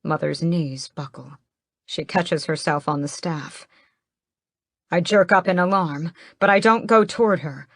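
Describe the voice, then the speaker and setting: A woman narrating a first-person fantasy audiobook in a measured, steady way, close to the mic. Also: fairly low pitch, no room sound.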